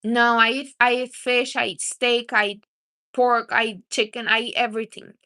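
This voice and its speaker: Bright-voiced woman giving blunt advice. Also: a little high, level tone, moderate pace. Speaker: livestream host. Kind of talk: casual livestream chat.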